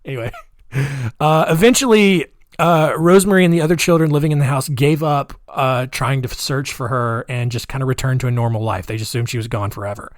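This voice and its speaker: A man's voice: mid-range voice, steady tone, brisk, dry recording, studio quality. A man hosting a solo podcast, telling a crime story casually with many fillers and offhand asides. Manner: conversational, with filler-heavy asides. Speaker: podcast host.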